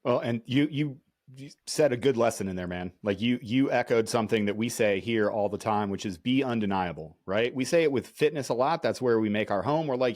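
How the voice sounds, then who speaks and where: A man's voice: medium pitch, brisk, a little mellow, no echo, clean studio sound. A man hosting a podcast, talking earnestly and emphatically to encourage his guest. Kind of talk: casual chat.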